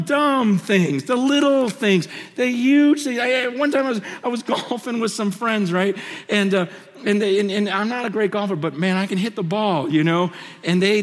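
A man preaching a sermon through personal stories, impassioned and swinging between loud and hushed, on a large hall stage. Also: high voice, moderate pace. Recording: long hall reverb.

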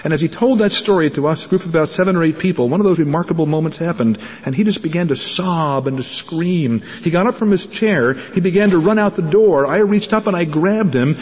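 Husky high-voiced man in an echoey hall. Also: fairly quick, few pauses, a little mellow, highs cut off. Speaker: speaker addressing pastors. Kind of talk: conference talk with storytelling.

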